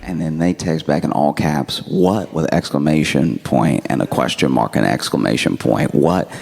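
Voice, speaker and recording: Deep-voiced man doing laid-back stand-up. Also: normal speed, creaky. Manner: laid-back, deadpan storytelling with bursts of audience laughter. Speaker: stand-up comedian. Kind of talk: stand-up storytelling.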